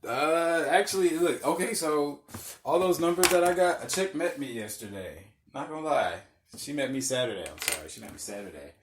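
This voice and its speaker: A man's voice: fairly high pitch, animated, fairly quick, background noise. A young man hosting a podcast, telling loose stories in casual chat, swearing often and laughing at his own jokes. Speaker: podcast host.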